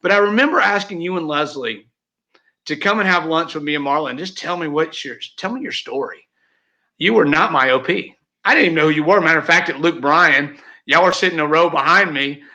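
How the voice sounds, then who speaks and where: Slightly high and slightly fast, this man's voice comes across pushed and bright. He's a guest on a casual interview, a real estate team leader whose heartfelt, rambling talk is packed with fillers and restarts, captured in dull lo-fi audio.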